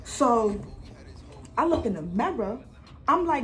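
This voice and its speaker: Profane, animated woman storyteller. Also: on the high side, takes it slowly. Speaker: vlogger. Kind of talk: storytime vlog.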